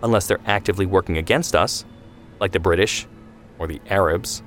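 A man's voice: deep voice, a little fast, soft background music, natural voice. A man voicing a hot-headed twenty-year-old who is defiant and sarcastic, in a read story. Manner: sarcastic, defensive.

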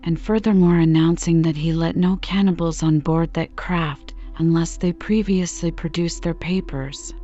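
A woman reading a classic novel aloud for a sleep podcast, soft, steady and slow, on a dull lo-fi recording. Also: fairly low pitch, soft background music. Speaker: podcast reader. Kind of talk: calm bedtime audiobook reading.

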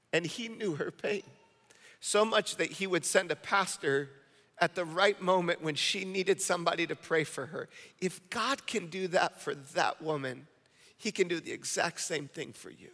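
A male pastor preaching a sermon in an energetic, conversational style, repeating phrases for emphasis. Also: on the high side. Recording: long hall reverb.

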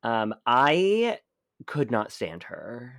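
A man co-hosting a film podcast, blunt and animated, laughing often. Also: medium pitch, drawn-out words, vocal fry, no room sound. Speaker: podcast co-host. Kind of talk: casual film review chat.

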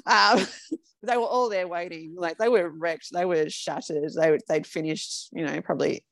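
Gravelly-voiced woman. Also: lowish voice, fairly even intonation, no echo. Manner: candid storytelling, halting restarts. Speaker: ultra runner guest. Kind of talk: casual interview chat.

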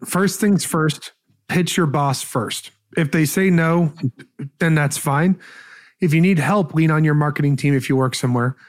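Brief: male guest, slightly higher voice, quick energetic advice, lots of restarts. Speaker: podcast guest, sales expert. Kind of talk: casual advice talk.

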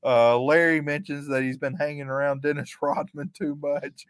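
Guy on a podcast walking thru the action, smooth clear voice, dry close sound, laughs a lot. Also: a little high, normal speed, no echo. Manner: relaxed play-by-play recap, chuckling often. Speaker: podcast co-host. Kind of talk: casual recap chat.

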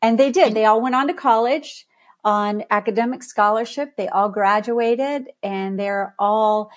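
A woman's voice: a little high, measured pace. Middle-aged woman telling stories on a podcast. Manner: lively storyteller who laughs easily. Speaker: podcast guest, author and speaker. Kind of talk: podcast interview storytelling.

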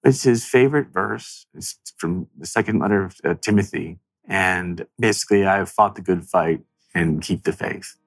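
Husky low-voiced guy, earnest and reflective, telling his story in an interview, dry close sound. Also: normal speed, no echo. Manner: earnest, reflective, voice rising with emotion. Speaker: interview guest, author. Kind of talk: emotional personal storytelling.

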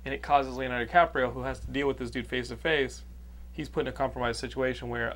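A man's voice: mid-range voice, steady tone, fast, a bit bright. A man from Texas hosting a podcast, chatting loosely about a movie with many fillers and a profane streak. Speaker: podcast host. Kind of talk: casual chat, movie review.

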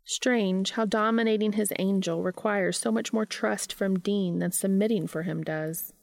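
A woman reading a story aloud in an unhurried, soft, intimate narration. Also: mid-range voice, steady tone, vocal fry, dry recording, clean studio sound. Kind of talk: scripted audiobook narration.

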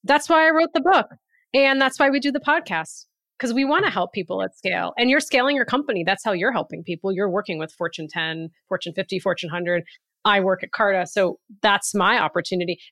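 A woman co-hosting a casual podcast, speaking at a middle pitch with animated, emphatic storytelling. The sound is dry and close, with no room around her voice. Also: brisk, no echo. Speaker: podcast co-host. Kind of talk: casual chat.

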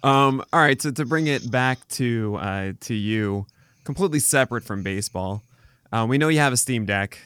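A man's voice: medium pitch, moderate pace, fairly bright tone, smooth, no echo, clean studio sound. A man hosting a casual interview, steering the talk with questions. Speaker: podcast host.

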